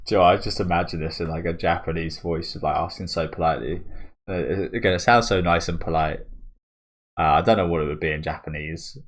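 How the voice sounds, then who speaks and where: A man's voice: low voice, brisk. A young man hosting a manga reaction video, chatting casually and musing aloud with fillers and small chuckles. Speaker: manga reaction channel host.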